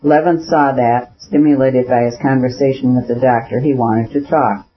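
A man narrating an audiobook in a steady, measured storytelling manner. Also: mid-range voice, a little hiss or hum. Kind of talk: scripted narration. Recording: dull lo-fi recording.

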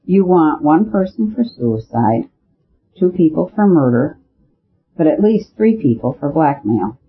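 A man voicing an eager male detective who reasons out loud in a storybook reading. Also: fairly high pitch, very animated, a little slow, slightly rough, exaggerated voice. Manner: eager, argumentative. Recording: narrow phone-like sound.

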